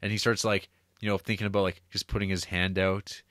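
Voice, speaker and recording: A man co-hosting a film podcast, retelling the plot casually and acting out lines from the story with quick laughs. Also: low voice, level tone, fairly bright tone, no echo, clean studio sound. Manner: laughs while talking, many restarts. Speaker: podcast co-host. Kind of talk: casual film review chat.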